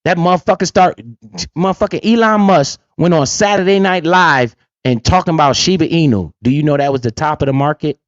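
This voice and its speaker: A man's voice: a little high, a little fast, dry recording. Profane, swaggering man on a lo-fi stream. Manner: profane, swaggering, repeats "right?". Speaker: livestream host. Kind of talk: casual livestream rant. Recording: dull lo-fi dry sound.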